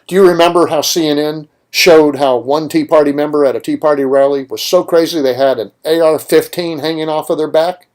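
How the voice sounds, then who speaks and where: A man's voice: a little high, fairly even intonation, fairly quick, few pauses, a little mellow. A man hosting a political talk radio show, delivering an opinionated monologue with emphatic points and rhetorical questions.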